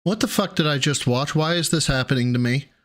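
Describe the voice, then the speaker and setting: A man's voice: on the high side, a little fast, fairly bright tone. A man streaming, reacting to a clip with sarcastic, exasperated commentary and a lot of swearing.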